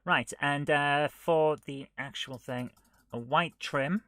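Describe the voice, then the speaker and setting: Male streamer, unhurried self-talk, close dry sound, drifts into mutters and scolds his tools. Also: a little high, no echo. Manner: muttering to himself while he works, often dropping to a near whisper; chatty and self-mocking, scolding the software. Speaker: streamer coding a retro game live. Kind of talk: live coding stream commentary.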